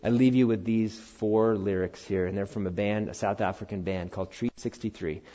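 A middle-aged male pastor delivers an earnest sermon, climbing into loud, high-pitched emphasis and then sinking to quiet, low conviction. His voice sits fairly low. The recording is slightly dull and lo-fi. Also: normal speed. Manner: earnest, animated preaching that rises loud then drops low.

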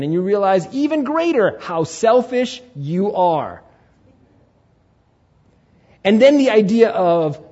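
A man preaching a Sunday sermon as pastor, animated, acting out inner voices and asking the congregation questions. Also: high voice, breathy edge, muffled recording. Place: church sanctuary.

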